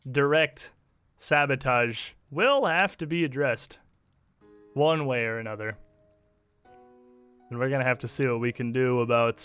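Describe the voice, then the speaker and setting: A man narrating as game master of a tabletop game, relaxed and peppered with fillers. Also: medium pitch, clear, resonant tone.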